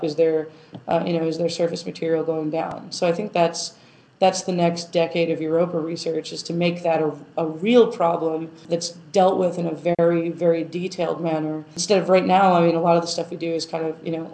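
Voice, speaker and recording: Her voice sits on the low side, gravelly and dark in tone. A planetary scientist, she responds to interview questions in a relaxed, reflective manner, often restarting and filling pauses, with roomy echo around her.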